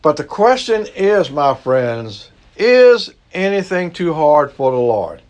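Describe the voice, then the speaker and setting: Male preacher, conversational sermon delivery, voice sits a bit high. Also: sing-song, slow, darkish tone. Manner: folksy, conversational preaching with Southern turns of phrase. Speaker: pastor.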